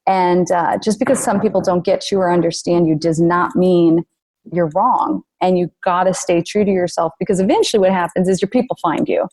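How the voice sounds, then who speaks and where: A woman author speaking earnestly as a podcast guest, animated when retelling stories. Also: lowish voice, brisk. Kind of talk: podcast interview.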